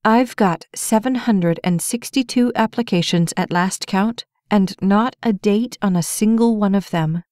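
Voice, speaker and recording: A woman voicing a frazzled, determined young woman in an audiobook, brisk and flustered. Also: medium pitch, darkish tone, no room sound, clean studio sound, natural voice. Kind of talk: audiobook character voice.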